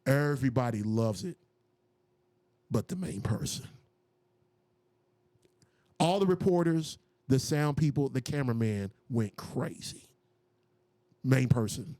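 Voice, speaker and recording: A man's voice: takes it slowly, long pauses, no room sound. A man, a music producer and DJ, telling stories casually in an interview, acting out what people said. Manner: animated, acts out quotes with raised pitch.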